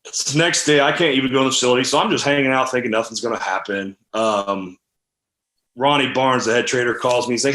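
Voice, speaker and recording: A man in his thirties, a former football player, telling candid stories from his career in a casual, animated interview. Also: medium pitch, fast talker, roomy sound. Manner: animated, candid storytelling with fillers. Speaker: podcast guest, former NFL tight end.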